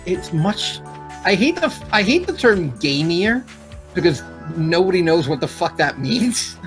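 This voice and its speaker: A man co-hosting a casual gameplay chat, animated and quick to swear, with sudden jumps in pitch when excited. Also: soft background music. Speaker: gaming co-host.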